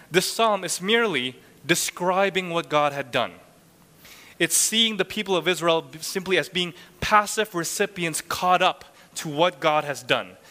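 A man delivers a sermon with an earnest, rhetorical push, often tagging his points with a quick question. His voice sits a little high and rings bright and forceful. A long hall reverb trails behind every phrase. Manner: earnest, rhetorical, frequent "right?" tags. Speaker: preacher.

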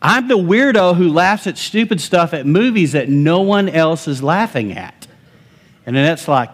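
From a church stage in the sanctuary, a joyful male pastor preaches a sermon at a moderate pace in a fairly high, animated, emphatic voice. He laughs easily and drives each point home with enthusiasm.

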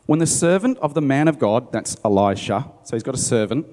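A man delivering a sermon, reading scripture and stopping to muse about it in a relaxed, conversational way. His voice is mellow and warm. A long hall reverb trails behind every line. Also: mid-range voice, a little fast. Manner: conversational, musing aside. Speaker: preacher. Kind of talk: sermon, Bible reading with commentary.

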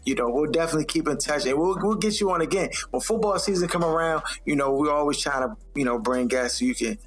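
A man's voice: on the high side, fast, soft background music. A man hosting a casual podcast, laid-back and friendly, with easy slang. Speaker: podcast host.

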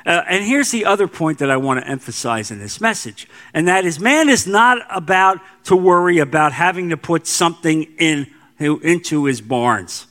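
Bright high-voiced man preaching. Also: expressive. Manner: emphatic preaching with repeated phrases and slow stressed lines. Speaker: pastor. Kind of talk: sermon.

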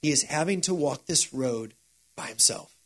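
A man preaches a sermon in a relaxed, conversational way. His delivery is animated, like someone telling a story to friends, and his voice sits a little higher than most men's. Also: normal speed. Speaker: pastor.

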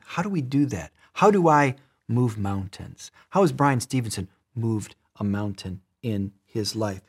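A man preaching a sermon in an emphatic way, repeating words and shifting between loud and soft. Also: on the low side, expressive, measured pace, few pauses, slightly rough.

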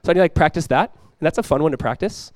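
In his sermon, a young adult male pastor sounds energetic and talkative, with frequent restarts mid-phrase. He speaks rapid-fire in a slightly high voice, and there's no echo.

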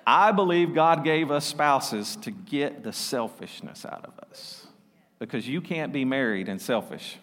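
A man pastor preaching a sermon, lively and laughing often as he mimics voices. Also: medium pitch, unhurried. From South Arkansas. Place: church sanctuary. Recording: long reverb of a church hall.

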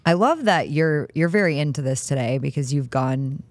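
A woman's voice: deep voice, lively intonation, moderate pace, no echo. A woman hosting a sports podcast, chatting casually and teasing her co-host. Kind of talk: casual chat.

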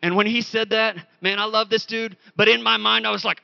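A man preaching a sermon, telling a story with animated, acted-out quotes. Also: high voice, brisk, creaky, hardly any pauses, clear, resonant tone, no echo, highs cut off. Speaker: pastor.

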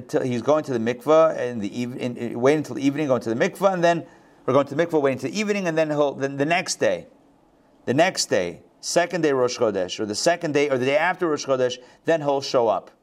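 A man teaching a Bible class. He reads verses aloud and breaks in with casual commentary, full of restarts and quick asides. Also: medium pitch, lively intonation.

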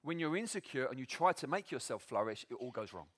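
A man preaching a sermon to a church meeting, animated and self-deprecating, often breaking into laughter. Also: mid-range voice, fast talker.

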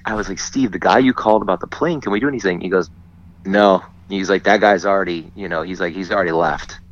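A man telling a story in casual chat, animated and often laughing as he acts out what others said. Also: low voice, quick pace. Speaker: guest. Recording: dull lo-fi sound.

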